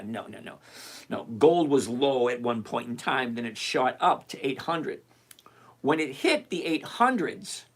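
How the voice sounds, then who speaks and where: An older retired man hosting a live stream, chatting casually and emphatically as he answers viewers by name. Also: medium pitch. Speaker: livestream host answering viewer questions.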